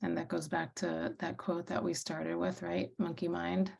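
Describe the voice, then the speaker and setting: A woman's voice: lowish voice, flat delivery, normal speed, vocal fry, a little mellow. A woman co-facilitating an online workshop on a video call, speaking reflectively and sometimes searching for her words.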